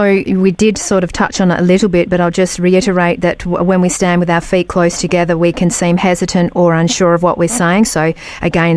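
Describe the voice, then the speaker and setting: A woman's voice: lowish voice, a little mellow. A woman hosting an interview, talking in a conversational, agreeable way. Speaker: interview host.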